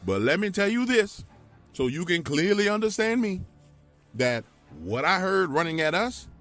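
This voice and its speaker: Man, emphatic storyteller, true scary story, lively pitch, faint music underneath. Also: unhurried. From Louisiana, US. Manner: emphatic, animated, talks straight to the listener. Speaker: guest telling his own encounter.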